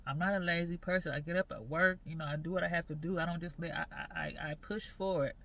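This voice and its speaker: A woman in her forties talking earnestly in a personal faith vlog, halting and repeating her phrases as she goes. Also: lowish voice, fairly even intonation, a bit bright. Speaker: vlogger.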